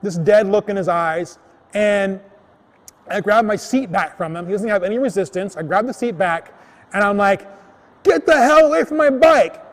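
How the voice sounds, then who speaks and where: Guy doing live comic storytelling, high voice, gets shouty and animated, long hall echo. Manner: animated, comic, shouting when acting out his anger.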